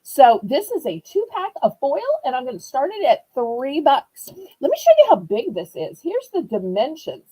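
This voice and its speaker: A woman's voice: high-pitched, big pitch swings, normal speed, warm tone, poor audio. A woman with a Southern accent hosting a live online auction, chatty and upbeat as she shows items. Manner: chatty, upbeat, playfully sings prices. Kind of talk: live home shopping sale.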